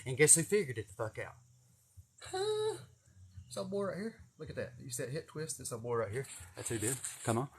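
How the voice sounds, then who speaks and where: A man's voice: high voice, fairly bright tone. A man talking casually while working in a garden outdoors, swearing a lot, repeating words for emphasis and laughing at his own jokes. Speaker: vlogger and contractor.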